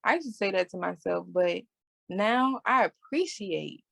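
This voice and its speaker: Young woman chatting candid on a podcast, low gravelly voice, dry close sound. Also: expressive, measured pace, a bit bright, no room sound. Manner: candid, conversational, with laughs. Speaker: podcast host. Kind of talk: casual chat.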